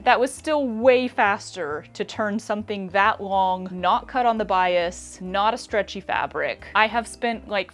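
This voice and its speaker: A young woman with a regional American accent hosting a casual sewing vlog, chatty and self-deprecating as she thinks aloud while she works. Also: medium pitch. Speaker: sewing video host.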